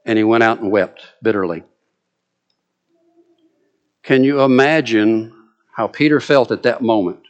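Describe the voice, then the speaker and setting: Preacher retelling a story. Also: male voice, lowish voice, a little slow, long pauses, dull audio. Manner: dramatic, vivid retelling. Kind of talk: sermon storytelling.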